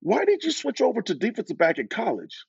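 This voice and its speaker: A man's voice: high-pitched, huge pitch swings, quick pace, vocal fry, a little mellow, slightly rough, no room sound, muffled recording, voice pushed up, heavily acted. A man voicing an older male team owner as a friendly, eager boss in a retold story.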